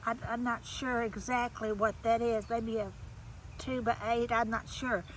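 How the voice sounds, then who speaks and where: A woman's voice: on the high side, little pitch movement, measured pace, slight background noise, low-quality recording. A woman giving a rambling, chatty walk-through of her garden outdoors, restarting her sentences often. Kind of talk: casual walk-through tour.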